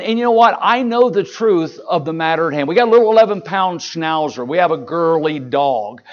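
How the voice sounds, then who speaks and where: A pastor preaching a sermon, folksy and emphatic, mixing jokes with rising exhortation. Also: male voice, a little high, lo-fi sound.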